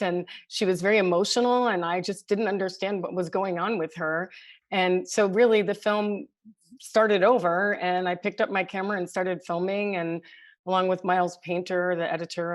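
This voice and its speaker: A woman filmmaker on a panel, speaking earnestly and gratefully about making a documentary. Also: fairly low pitch. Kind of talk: panel discussion.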